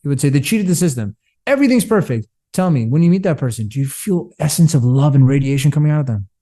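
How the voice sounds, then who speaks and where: A man's voice: on the high side, lively intonation, fast, dark tone. A man, a business coach, talking passionately in an interview and telling stories in which he quotes himself and others. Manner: passionate, preachy storytelling. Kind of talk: candid interview talk.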